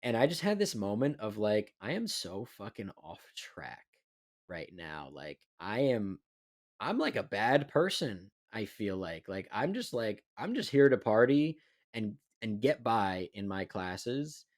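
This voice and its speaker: A man's voice: lowish voice, very animated, unhurried. A young man co-hosting a podcast in casual chat, rambling with many fillers. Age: young adult. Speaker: podcast co-host.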